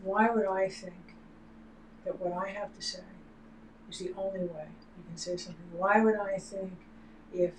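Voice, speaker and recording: A woman's voice: mid-range voice, fairly even intonation, normal speed, long pauses. A woman co-hosting a livestream, talking in an emphatic, heated way and swearing now and then. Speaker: livestream co-host. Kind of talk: casual political discussion. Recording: roomy with faint noise.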